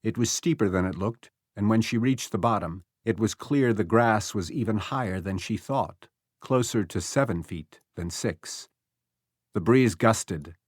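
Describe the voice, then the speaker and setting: A man narrating an audiobook thriller in a measured, expressive storytelling manner, recorded close on a studio mic. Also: on the low side, no room sound. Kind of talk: scripted narration.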